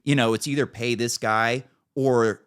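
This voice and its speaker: A middle-aged man with a hoarse throat, telling a profane story as podcast co-host. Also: mid-range voice, fairly even intonation, unhurried, a bit bright. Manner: profane storytelling, acts out quotes. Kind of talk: casual chat.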